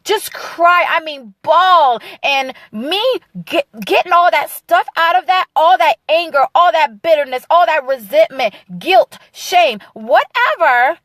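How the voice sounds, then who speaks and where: A woman's voice: very high voice, lively intonation, a little slow, few pauses, a bit bright, no room sound. A woman preaching an emotional, fervent sermon in an emphatic, repetitive cadence. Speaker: speaker of a ministry. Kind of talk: impassioned sermon-style encouragement.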